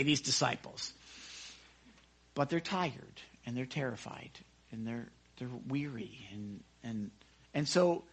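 An excitable man leads a casual Bible study, talking into a microphone in a high, bright voice. His pitch swings widely as he chats, and he keeps acting out the scenes he describes. The teaching is loose and enthusiastic. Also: slightly rough. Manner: excitable, chatty, acts out scenes. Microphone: handheld microphone.

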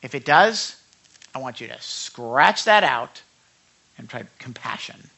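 A man preaching a sermon, animated and talking back and forth with his congregation, acting out quotes. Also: medium pitch, slow, gravelly. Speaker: pastor.

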